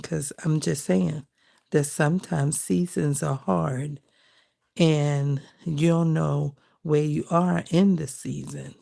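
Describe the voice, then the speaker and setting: Speaking in a deep, dark voice with vocal fry, this middle-aged woman crafts on camera for her vlog. Her talk is easygoing, sincere, and folksy.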